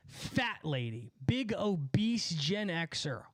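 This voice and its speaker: A man telling a profane, animated story on a live stream, a bit out of breath. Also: high voice, normal speed, dry recording. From California. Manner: animated, profane, jumps between story and asides.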